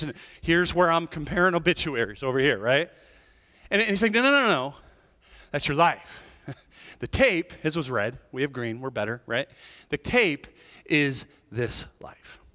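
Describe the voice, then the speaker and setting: A male pastor delivers a lively, conversational sermon in a church sanctuary, tossing in self-deprecating jokes and asides. His voice sits a little high and moves a lot in pitch. The sound carries a long reverb from the hall.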